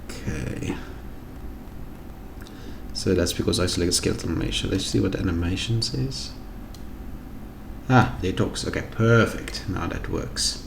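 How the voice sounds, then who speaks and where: A man with a South African accent talking through a software tutorial, thinking aloud as he clicks through menus. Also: deep voice, a little slow, vocal fry, long pauses. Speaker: tutorial host. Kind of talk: screen-recorded software tutorial. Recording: echoey room with noise and keyboard typing.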